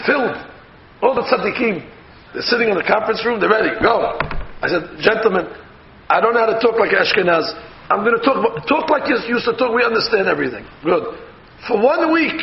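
A rabbi, telling a lively story in a Torah lesson and acting out the voices of the people in it. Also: male voice, sits high. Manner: animated storyteller acting out dialogue. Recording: echoey, dull room recording with faint noise.

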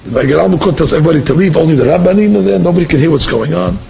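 A man's voice: fairly high pitch, racing, vocal fry, muffled recording. A man preaching a religious story in a vivid, dramatic manner, repeating short phrases for effect.

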